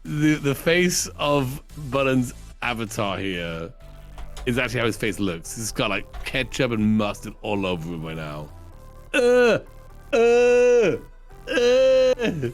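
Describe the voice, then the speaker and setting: A man's voice: fairly low pitch, animated, moderate pace, a bit bright, faint music behind. A man playing a game with a friend, chatting casually, asking questions and teasing. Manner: wondering, teasing. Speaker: guest co-player. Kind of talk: casual gaming chat.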